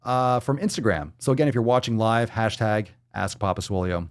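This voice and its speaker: A man's voice: fairly low pitch, expressive, fairly quick, few pauses, dry recording, clean studio sound. A man hosting a live fitness show, reading out viewer comments and answering questions in a brash, profane, hype-man way. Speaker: fitness podcast host.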